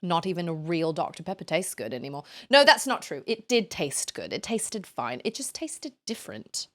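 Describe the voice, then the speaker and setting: A woman's voice: lowish voice, sing-song, moderate pace. A woman streamer chatting casually on a live stream, rambling a little and thanking viewers by name.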